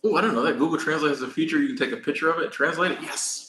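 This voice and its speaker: A man's voice: a little high, rapid-fire, sharp tone. A man in a casual, loose chat, answering viewers' comments as he talks and laughing often. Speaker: vlogger answering live chat. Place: echoey room. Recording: echoey room sound.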